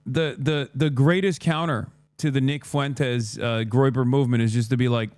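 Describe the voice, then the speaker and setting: A man doing live-stream political commentary, sarcastic and crude, ranting in quick bursts. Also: medium pitch, steady tone, a little mellow, no room sound. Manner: sarcastic, crude, rapid rants.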